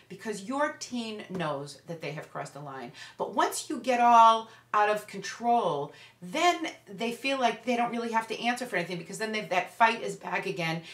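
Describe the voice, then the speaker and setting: Bright-voiced woman parenting coach. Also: medium pitch. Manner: earnest, direct, acts out examples. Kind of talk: advice talk to parents. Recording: roomy echo.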